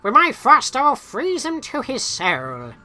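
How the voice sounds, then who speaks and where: A shrill old game witch, as a man puts her on. She taunts in a sing-song voice that leaps high and swoops all over. The tone is bright and sharp. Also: wildly swooping pitch, measured pace, soft background music, exaggerated voice. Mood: gloating. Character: pair of cackling old witch sisters.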